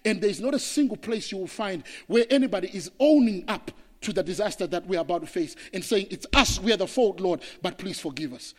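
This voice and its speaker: A man from Zimbabwe, a pastor preaching an impassioned sermon that swings between loud declarations and hushed passages. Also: high-pitched, expressive, a little fast, hardly any pauses, long reverb tail.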